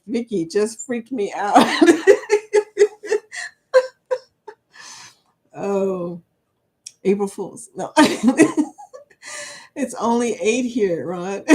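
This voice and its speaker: Laughing woman hosting a relaxed live chat. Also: medium pitch. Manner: laughs often, reads viewer comments aloud. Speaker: livestream chat host. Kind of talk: casual live chat reading comments.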